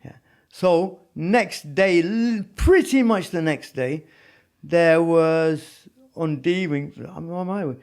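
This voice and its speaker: A man's voice: on the high side, takes it slowly, darkish tone. A man telling prison stories in a casual interview, rambling with lots of "you know what I mean". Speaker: podcast guest.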